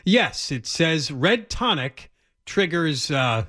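A man's voice: on the high side, very animated, slow pace, very noisy. A man hosting a talk radio show, teasing his co-workers in a wry way, full of uh's. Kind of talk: casual radio banter. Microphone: studio microphone.

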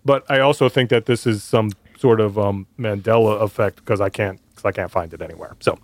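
A man's voice: brisk, no room sound. A man co-hosting a casual chat, telling a story with lots of energy and jumping into other people's voices when he quotes them. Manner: animated storytelling, acts out quotes with raised pitch. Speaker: podcast co-host.

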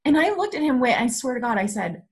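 Husky woman telling a story. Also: fairly high pitch, fast talker. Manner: animated storyteller, many "like" fillers. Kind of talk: casual chat, storytelling.

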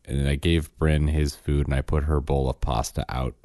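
Casual male co-host, low voice, dry close mic, animated storyteller. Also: moderate pace, no room sound. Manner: animated storyteller, acts out quotes, self-correcting. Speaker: podcast co-host, father.

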